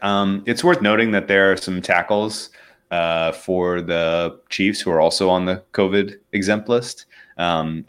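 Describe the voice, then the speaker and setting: A man with a very low, deep voice talks through a football betting matchup. His delivery is casual and rambling, full of ums and restarts. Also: a bit bright. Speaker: sports betting analyst. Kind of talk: casual sports betting chat.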